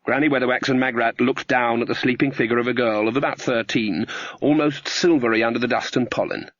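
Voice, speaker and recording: A man narrating a fantasy audiobook in an even, measured storytelling manner. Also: medium pitch, no room sound, highs cut off. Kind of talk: scripted narration.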